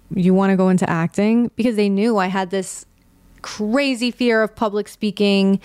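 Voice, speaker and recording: A young woman talks straight into a close mic in a dry, deadened space. She is candid and casual, with a touch of vocal fry and loose, unpolished phrasing. Her pitch sits right in the middle for a woman. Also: no echo. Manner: candid, conversational, swears casually. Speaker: podcast host. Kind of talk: personal podcast monologue.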